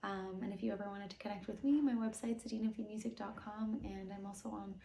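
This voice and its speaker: A woman singer-songwriter talking casually and softly between songs, quick and offhand, with many ums. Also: mid-range voice, steady tone, gravelly, slight background noise. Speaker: singer-songwriter performing a guest set. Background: her own acoustic guitar.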